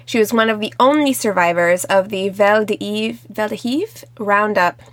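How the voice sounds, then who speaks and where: A woman co-hosting a podcast in casual chat, talking with vocal fry in a Valley Girl manner. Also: medium pitch, unhurried. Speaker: podcast co-host. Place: Los Angeles.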